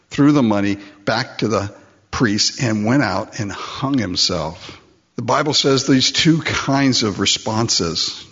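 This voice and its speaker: Husky man preaching a sermon. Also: lowish voice. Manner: animated, acts out voices in quotes. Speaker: pastor. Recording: dull lo-fi recording.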